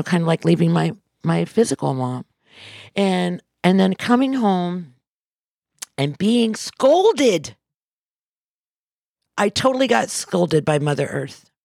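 A woman's voice: lowish voice, vocal fry, darkish tone, no echo, studio quality. A woman from Missouri giving an impassioned motivational speech, emphatic and repetitive, speaking from the heart. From Missouri, USA.

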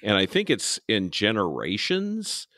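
A man co-hosting a podcast in casual chat, animated and leaping up in pitch to make points. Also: a little slow, dry recording. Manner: animated, jumps up in pitch for emphasis. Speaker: podcast co-host.

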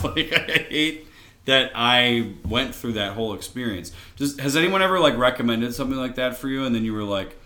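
A man's voice: medium pitch, moderate pace, bright, forceful tone. A man co-hosting a casual beer-tasting podcast, telling earnest, rambling stories with lots of filler words. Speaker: podcast co-host. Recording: roomy, echoey room sound.

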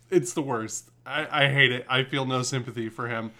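A man's voice: medium pitch, steady tone, moderate pace, pushed and bright. A man co-hosting a casual anime recap chat, snarky and swearing, acting out quoted lines. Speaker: podcast co-host.

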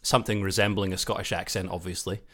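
Low-voiced, laughing male podcast host. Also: little pitch movement, fast talker, a bit bright. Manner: chatty, laughs often, self-deprecating. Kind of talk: casual podcast chat.

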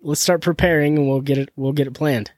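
A man's voice: fairly high pitch, fairly even intonation, quick pace, a little mellow, no room sound. A man hosting a podcast, upbeat and direct as he wraps up the show. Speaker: podcast host. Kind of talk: podcast outro.

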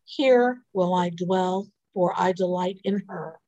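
A woman reading psalms and a scripture lesson aloud in a morning prayer service, in a measured, even way. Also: fairly low pitch, dull audio. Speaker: scripture reader. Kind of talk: liturgical responsive reading.

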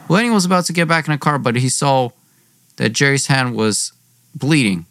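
A man's voice: medium pitch, moderate pace, a bit bright, no echo. A young man narrating his own story in a plain, conversational way.

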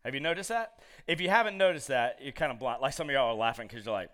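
A male preacher giving a sermon to a live congregation, telling stories in an animated, jokey way with many asides. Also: medium pitch, fast.

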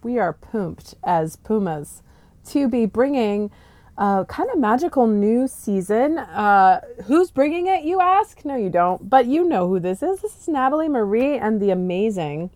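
A woman's voice: on the high side, very animated, a little slow, darkish tone, no room sound. A woman co-hosting a casual podcast, playful and giggly, swearing now and then. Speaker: podcast co-host. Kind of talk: casual chat.

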